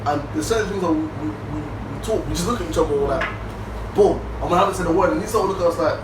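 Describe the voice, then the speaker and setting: A man, a film actor guest, talking excitedly and laughing often, repeating his words as he goes. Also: on the high side, quick pace. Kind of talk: animated casual interview chat. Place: busy restaurant. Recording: echoey room, distant mic, noisy.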